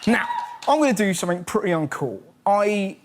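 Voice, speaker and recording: A man's voice: high voice, sing-song, moderate pace, a crowd in the background, background noise. A man hosting a comedy show, delivering a punchy, sarcastic stand-up monologue. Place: TV studio stage. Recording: loud studio audience laughter.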